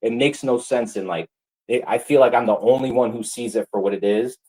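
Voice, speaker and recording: A man's voice: medium pitch, a little fast, a little mellow, slightly rough, poor audio. A man ranting angrily to his livestream viewers, heated, profane and repetitive. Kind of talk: angry livestream rant.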